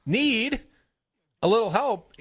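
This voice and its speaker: Man with Wisconsin accent, radio host, husky voice, lively swooping pitch, dry studio sound. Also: slow, no room sound. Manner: chatty, rambling storyteller, animated. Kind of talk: casual radio talk. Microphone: studio broadcast mic.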